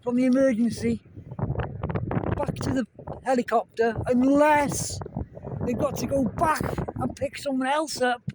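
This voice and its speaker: A man's voice: very high-pitched, steady tone, a little slow, pauses often. A man filming outside on his phone, chatting casually and rambling as he talks the viewer through what he sees. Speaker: vlogger. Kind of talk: casual outdoor commentary. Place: outdoors in the wind. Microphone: phone, cupped by hand. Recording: windy phone recording with helicopter noise. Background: wind and helicopter rotor noise.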